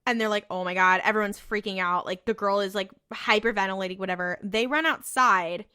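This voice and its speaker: A woman's voice: mid-range voice, a little fast, sharp tone, clear, resonant tone. A woman co-hosting a podcast, recapping a TV episode in a casual, profane, laughing storytelling manner. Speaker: podcast co-host.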